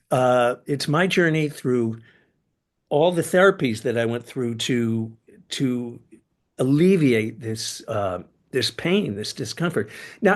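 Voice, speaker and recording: An older man, a podcast guest, telling personal stories in a casual interview, with sudden leaps in pitch and loudness as he gets into them. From United States. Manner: animated storyteller, sudden jumps in pitch and loudness.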